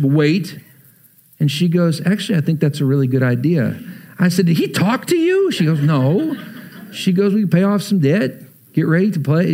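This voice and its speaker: Energetic man preaching a lively sermon. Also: sits high. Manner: energetic and conversational, swinging between loud urging and quiet, heavy stretches. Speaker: pastor.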